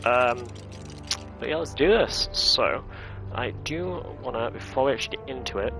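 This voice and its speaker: A man's voice: medium pitch, lively intonation, normal speed, gravelly. A young man chatting casually while streaming a video game, rambling with lots of fillers. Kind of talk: casual gaming stream commentary. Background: game music.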